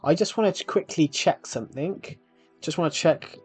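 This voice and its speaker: Male streamer, casual rambling chat to viewers, mid pitch, dry close mic, faint music under. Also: normal speed, slightly rough, no room sound. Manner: rambling, addresses viewers directly. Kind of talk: casual live-stream chat while gaming.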